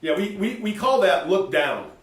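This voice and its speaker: A man co-hosting a faith talk show, talking in an animated, folksy way and acting out little voices as he preaches. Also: high-pitched, moderate pace, echoey room, far from the mic, slight background noise.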